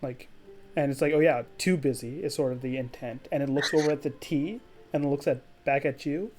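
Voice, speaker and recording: A man's voice: mid-range voice, steady tone, brisk, over music. A man narrating a tabletop game as game master in a casual way, with many fillers.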